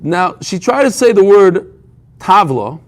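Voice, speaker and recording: Animated joking man teaching Talmud. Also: high voice. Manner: lively, joking, quick asides. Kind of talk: daily Talmud class.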